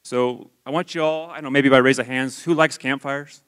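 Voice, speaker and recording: A man's voice: medium pitch, fairly even intonation, fairly quick, fairly bright tone, smooth. A man in his forties giving a candid, conversational testimony sermon to his church. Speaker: lay church speaker.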